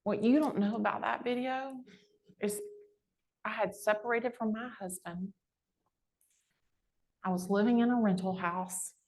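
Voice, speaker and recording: A woman, a real estate agent giving a chatty, animated storytelling talk to a live audience. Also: mid-range voice, a little slow, long pauses. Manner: chatty, animated storyteller with lively quoted voices.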